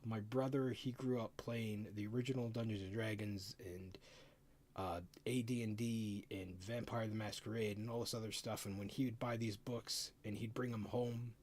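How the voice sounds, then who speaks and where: Excitable stammering middle-aged man. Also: mid-range voice. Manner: excitable, stammers and repeats words. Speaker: streamer reviewing a game rulebook. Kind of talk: casual live-stream commentary.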